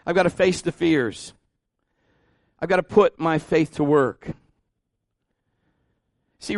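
In a dry recording without room echo, a pastor with a fairly high voice gives a sermon in an informal way, full of asides and restarts. As he grows animated, his pitch and volume often climb.

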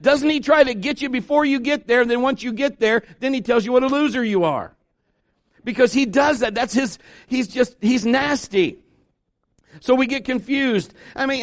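High-pitched guy preaching in church, chatty, cracks jokes, middle-aged. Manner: conversational, joking preaching with asides to the congregation. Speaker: pastor. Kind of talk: sermon. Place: church sanctuary.

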